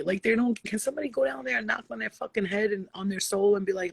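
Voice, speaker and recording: A woman's voice: medium pitch, fairly quick, creaky, slightly rough, no room sound. A woman hosting a casual late-night spiritual live chat, blunt and profane, often slipping into playful voices. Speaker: spiritual live-stream host.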